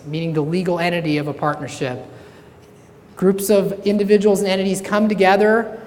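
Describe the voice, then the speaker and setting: A woman speaking as a venture capitalist, giving a joking talk that keeps drawing in her audience. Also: deep voice. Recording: reverberant hall, faint noise.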